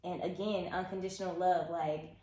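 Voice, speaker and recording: A woman co-hosting a podcast who tells stories in a lively way and laughs often. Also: on the low side, normal speed. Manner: laughs often, animated storytelling. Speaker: podcast co-host. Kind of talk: casual chat. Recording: echoey room.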